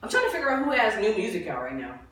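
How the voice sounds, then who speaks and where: A woman co-hosting a podcast, chatting casually with quick slangy quips. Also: medium pitch, very animated, a bit bright, very echoey, far from the mic. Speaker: podcast co-host. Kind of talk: casual chat. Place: room with friends at a bar setup.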